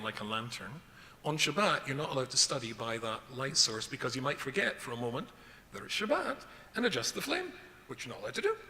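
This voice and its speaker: Telling story after story, a middle-aged rabbi delivers a jokey lecture that pokes fun at himself. His mid-range voice sounds pushed and bright, and faint noise carries through the reverberant hall.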